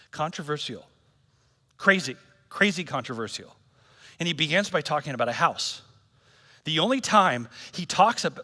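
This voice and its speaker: A man's voice: sits high, bright, forceful tone, big-room sound. A man pastor giving a sermon at a church service in a casual, joking, slangy way.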